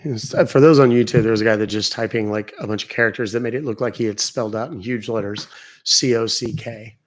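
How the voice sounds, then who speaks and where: A man's voice: on the low side, steady tone, quick pace. A man hosting a live stream, chatting casually and profanely with his audience and joking around. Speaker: livestream host.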